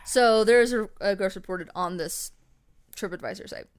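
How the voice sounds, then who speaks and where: A woman's voice: mid-range voice, normal speed, slight background noise. Rambling, profane woman co-host. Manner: mock voices and tangents while telling ghost stories. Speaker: podcast co-host. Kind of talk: casual chat.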